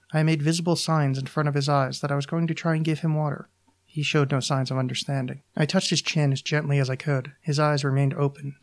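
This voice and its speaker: A podcast host reading his own short story aloud in an even, measured way. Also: medium pitch.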